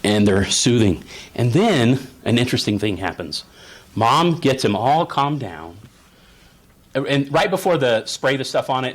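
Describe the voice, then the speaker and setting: With a medium-pitched voice that swings widely in pitch, a man speaks at a normal speed. He's a therapist presenting at a conference in a chatty storytelling mode, voicing parents and children and regularly checking in with listeners by asking "right?"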